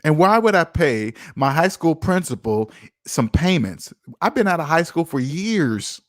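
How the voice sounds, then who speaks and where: A man's voice: a little high, big pitch swings, measured pace, no echo, studio quality. A man hosting a casual finance livestream, reading viewer comments aloud and teasing them with a joking manner.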